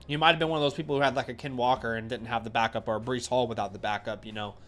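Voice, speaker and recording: A fantasy football host with a medium-pitched, slightly bright voice speaks rapid-fire in a steady tone, with a little background noise. On a casual live stream he answers viewer questions, thinking aloud with fillers and restarts, gives blunt opinions, and has a runny nose.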